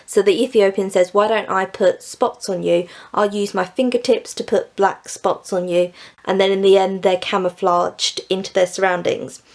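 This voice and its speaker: A young woman chats through a book review, retelling each story loosely. She laughs easily, leans on "like", and her voice sits at an ordinary middle pitch for a woman. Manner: chatty, giggly, peppered with "like". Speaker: book vlogger.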